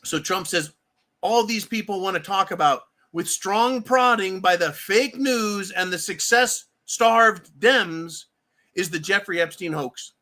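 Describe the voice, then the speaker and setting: Male commentator, high bright voice, profane and heated, sarcastic rant delivery. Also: unhurried. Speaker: political commentator. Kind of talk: angry political rant.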